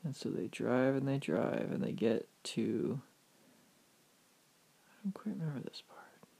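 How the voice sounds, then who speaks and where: A man telling a fanciful story aloud with animated, vivid narration. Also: mid-range voice, unhurried, gravelly, slightly rough, in a whisper. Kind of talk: oral storytelling.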